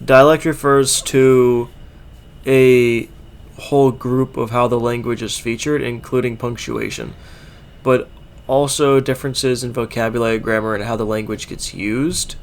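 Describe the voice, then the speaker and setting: A man's voice: medium pitch, level tone, a little slow. A man from Florida co-hosting a casual comedy podcast, chatty and full of fillers as he explains. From Florida, United States. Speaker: podcast co-host.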